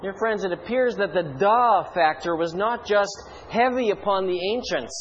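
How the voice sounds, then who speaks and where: A man preaching a sermon in an animated, rhetorical way with playful asides. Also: high-pitched, normal speed, dull audio, slight background noise.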